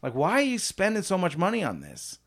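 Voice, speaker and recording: A man's voice: sits high, wildly swooping pitch, brisk, creaky, a bit bright, full character voice. A man playing a rambling, defensive suburban husband. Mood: blustery. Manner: rambling, defensive, laughing asides. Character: simple-minded beer-selling suburban husband. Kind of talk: improvised comedy interview.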